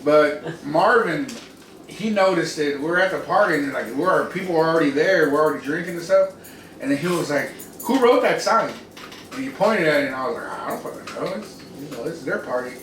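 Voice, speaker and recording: A man's voice: a little high, fast talker. Profane young man telling party stories. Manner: animated, profane, acts out quoted voices. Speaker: podcast co-host. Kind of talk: casual storytelling chat. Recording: roomy, distant mic, noisy.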